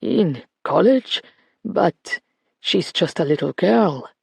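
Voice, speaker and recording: A man's voice: high voice, expressive, takes it slowly, creaky, slightly rough, no echo, full character voice. A narrator voicing an irritable, forgetful old man, a former police officer, with curt, grumbling lines. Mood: grumpy, wary. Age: older.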